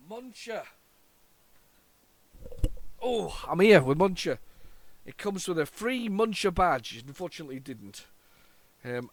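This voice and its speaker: Man, from the UK, slightly high voice, rambling, repeats words and restarts, nostalgic casual commentary, retro tape show host. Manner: rambling, many false starts and repeated words; chatty and nostalgic. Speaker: retro computing video host.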